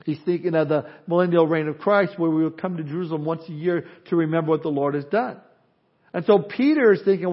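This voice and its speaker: A man with a high voice preaches to his congregation in an expressive style. He pushes his key points loudly and drops to quiet asides in between. The recording sounds dull and lo-fi. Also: fast. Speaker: pastor. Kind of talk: sermon.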